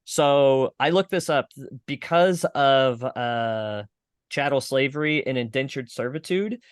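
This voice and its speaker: A young man talks loosely on a podcast, a comedian swearing freely as he rambles through long explanations. His voice sits at an ordinary middle pitch. The sound is dry and close, with no room around it. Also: lively intonation, slow pace, clear, resonant tone, no echo. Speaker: guest comedian. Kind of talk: casual podcast chat.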